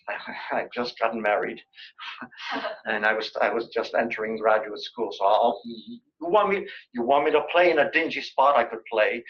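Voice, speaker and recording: A man's voice: medium pitch, lo-fi sound. An older man giving a colloquium lecture in a lecture room, telling joking anecdotes in a chatty way.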